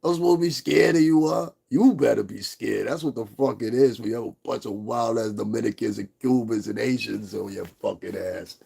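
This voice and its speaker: A man's voice: on the low side, moderate pace, gravelly, hardly any pauses, warm tone, breathy edge. A man hosting a livestream, ranting in a profane, confrontational way and laughing often. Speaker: livestream host. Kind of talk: casual livestream rant.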